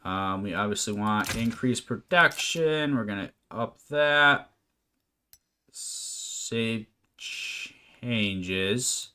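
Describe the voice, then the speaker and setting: Speaking very slowly in a fairly low, animated voice that sounds pushed, bright and smooth, a man offers let's play commentary. He reads a management game's text aloud and adds wry asides in a casual manner. Faint noise and clicks are present.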